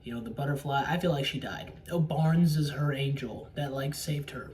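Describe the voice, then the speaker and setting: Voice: mid-range voice, expressive, unhurried, hardly any pauses, a little mellow. Rambling, profane movie recapper, mic set back. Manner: rambling, profane, easily sidetracked. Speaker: solo movie reviewer. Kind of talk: casual spoilery movie recap. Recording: distant mic with faint room noise.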